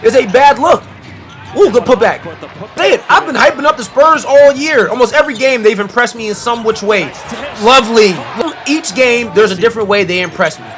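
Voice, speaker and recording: High-voiced man hyping a basketball game. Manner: animated, loud outbursts, slangy trash talk. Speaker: basketball reaction YouTuber. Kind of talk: excited live game reaction.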